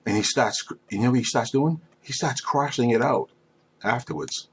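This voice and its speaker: A man's voice: mid-range voice, normal speed, creaky, a little hiss or hum. A man running a tabletop game as game master, laid-back, swearing casually and laughing often.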